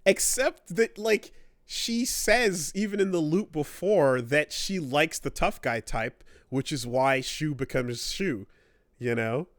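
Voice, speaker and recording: A man's voice: a little high, slow pace, dry recording, studio quality. A man co-hosting a gaming podcast, talking casually and at length, swearing freely and acting out characters' lines. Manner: rambling, profane, acts out characters' lines. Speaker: podcast co-host.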